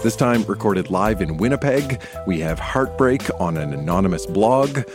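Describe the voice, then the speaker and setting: Deep-voiced man hosting a podcast. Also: lively intonation, normal speed, over music. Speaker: podcast host. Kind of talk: scripted narration.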